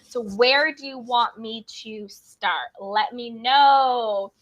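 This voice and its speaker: A woman's voice: fairly high pitch, takes it slowly, a bit bright, dull audio. A woman hosting a casual live stream, greeting viewers by name in a bubbly, chatty way. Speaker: livestream host.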